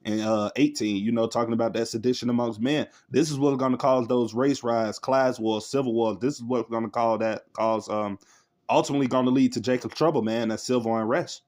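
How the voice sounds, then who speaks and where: A man's voice: medium pitch, steady tone, brisk, a little mellow. A man in casual commentary reacting to a news clip, laughing often, speaking in loose slangy talk and reading scripture aloud. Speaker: religious online commentator.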